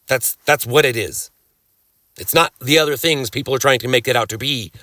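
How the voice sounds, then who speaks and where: A man who lectures on cannabis rights speaks casually from slides in a medium-pitched, bright, forceful voice on a dry recording. He rambles, restarts haltingly, drops sarcastic asides, and coughs and clears his throat now and then.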